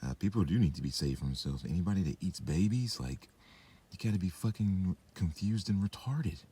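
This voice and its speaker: Brief: young man, deep dark husky voice, meandering profane rant, lots of "like" and "uh", talks while drinking and smoking. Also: expressive, a little fast. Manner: meandering, profane, filler-heavy. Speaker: vlogger. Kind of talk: rambling monologue rant.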